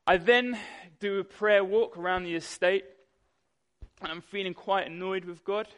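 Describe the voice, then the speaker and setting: A young man delivers a sermon. He tells a personal story with animation, acting out the people in it. His voice sits slightly high for a man. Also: fairly even intonation, normal speed, fairly bright tone, smooth. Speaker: pastor.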